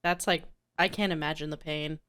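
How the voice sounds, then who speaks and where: A woman co-hosting a podcast, reacting with quick laughs and teasing remarks. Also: sits low, steady tone, a bit bright, clear, resonant tone. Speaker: podcast co-host. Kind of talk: casual chat.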